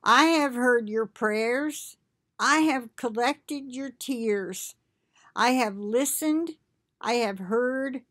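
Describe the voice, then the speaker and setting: A woman reads a prophetic message to fellow believers at a very slow, solemn pace. Her voice sits a little high, and each phrase is weighed with quiet devotion. The sound is dry and close to the mic. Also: dry recording. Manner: slow, deliberate, devout reading with casual asides. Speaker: online Christian channel host.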